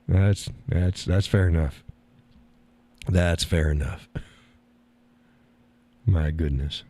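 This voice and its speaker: A man with a low, warm voice speaks very slowly, with long pauses, over an audio call setup with no echo. He's hosting a live stream, rambling bluntly through a casual monologue, laughing often and swearing casually.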